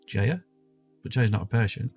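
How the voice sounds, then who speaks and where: A man's voice: on the low side, lively intonation, moderate pace, darkish tone, faint music behind. A man live-streaming a video game, chatting and thinking aloud as he types questions. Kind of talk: casual live game commentary.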